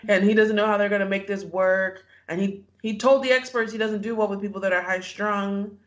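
A podcast co-host casually recapping a show, telling the story with animated retellings and frequent laughter. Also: mid-range voice, brisk, muffled recording. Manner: animated storytelling, acts out quotes, laughs often.

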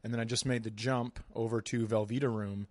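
A man's voice: medium pitch, steady tone, brisk, a little mellow, dry recording. Man riffing in dry close podcast chat. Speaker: podcast guest. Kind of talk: casual chat.

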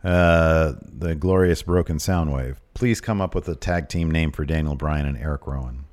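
A man's voice: extremely low pitch, normal speed, darkish tone. A man co-hosting a podcast, chatting casually and reading out viewer questions, laughing often and trailing off into mumbles. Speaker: podcast co-host. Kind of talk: casual chat.

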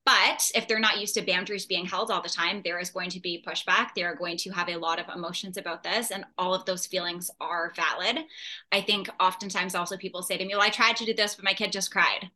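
A woman's voice: lowish voice, fairly even intonation, a little fast, pushed and bright. A woman in her thirties, a guest on a parenting chat, explaining patiently and reassuringly. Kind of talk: casual podcast chat.

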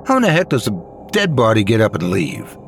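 A man's voice: lowish voice, big pitch swings, a little fast, vocal fry, soft background music. A man doing a barking, harried police chief. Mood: angry. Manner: barking, exasperated. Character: gruff harried middle-aged male police chief.

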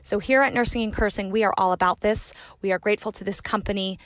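A woman's voice: medium pitch, fairly even intonation, fast, no room sound. A woman hosting a podcast, reading a sponsor message in an upbeat, earnest way.

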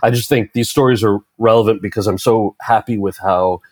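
Low-voiced man telling a lively story. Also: fairly quick, breathy edge, dry recording. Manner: animated storyteller, acts out quoted dialogue. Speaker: actor and author, interview guest. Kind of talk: storytelling in a conversational interview.

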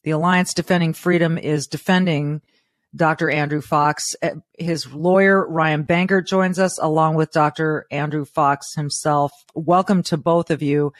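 A woman hosting an interview podcast, talking in a brisk, emphatic way. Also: low-pitched, fairly even intonation, no echo, clean studio sound. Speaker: podcast host. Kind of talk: casual interview chat.

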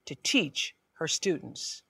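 A woman speaking in earnest, measured scripted narration about a mentor. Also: fairly bright tone, dry recording. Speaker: admirer giving testimony.

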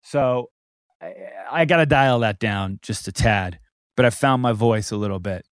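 A man co-hosting a podcast in casual chat, animated and laughing often, repeating words as he gets going. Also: lowish voice, moderate pace, clean tone, dry recording, studio quality. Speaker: podcast co-host.

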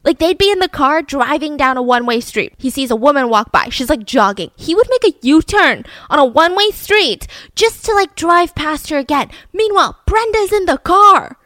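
A woman telling a story in a chatty, animated way, full of asides. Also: sits high, normal speed, hardly any pauses, dry recording. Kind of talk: casual storytelling.

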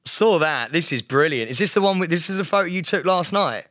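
Male podcast co-host, excitable and protesting, lively and dry. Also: a little high, a little fast, dry recording. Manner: laughing, flustered, protesting. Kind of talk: casual chat.

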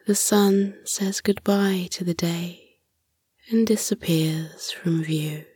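A woman narrating a children's sleep meditation in a soft, breathy whisper, slow and soothing. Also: fairly low pitch, fairly even intonation, dry recording, studio quality. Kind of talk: whispered bedtime story narration.

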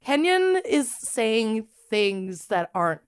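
A woman's voice: on the high side, very animated, slow pace, clean tone. A woman co-hosting a podcast in playful, giggly casual chat. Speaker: podcast co-host. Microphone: small handheld mic.

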